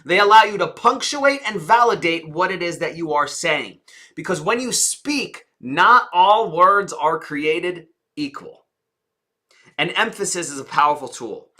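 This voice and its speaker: A man teaching public speaking, who punctuates points with dramatic stress, rhetorical questions and sudden drops to a low, soft voice. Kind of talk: presentation skills lesson.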